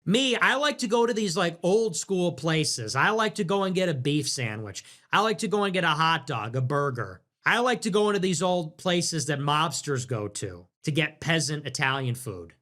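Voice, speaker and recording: A man's voice: a little high, expressive, normal speed, few pauses, bright, forceful tone. A young man hosting a livestream, reacting to chat in a crude, sarcastic, ranting way. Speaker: livestream host.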